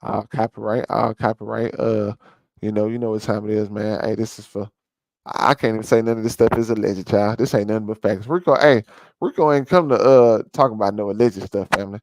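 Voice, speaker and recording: A man's voice: lowish voice, fairly even intonation, a little fast, a little mellow, no room sound, rough recording. A man hosting a vlog, ranting and preaching over a clip and calling his listeners family. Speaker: vlog host. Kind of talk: ranting commentary over a played video.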